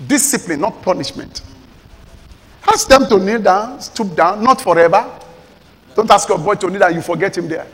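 A Nigerian pastor with a strikingly high male voice preaches an emphatic sermon, alternating between forceful exhortation and soft pleading. The long reverb of a large church hall rings around him.

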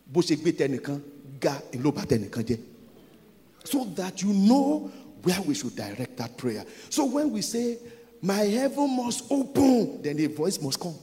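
A man's voice: a little high, dark tone, long reverb tail. A Nigerian man preaching a sermon as a pastor, repeating phrases for emphasis.

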